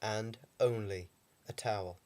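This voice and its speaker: A man's voice: lowish voice, fairly even intonation, measured pace, darkish tone. A young man with a heavy cold, talking through a casual video diary with dry, rambling humour and lots of ums. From England. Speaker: vlogger.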